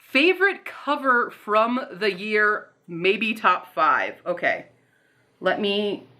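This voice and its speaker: A woman's voice: medium pitch, sing-song, takes it slowly. A woman chatting casually in a Q&A vlog, bubbly and rambling, restarting her sentences as she thinks. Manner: talks softly and coos to her pets. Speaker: booktube author and vlogger.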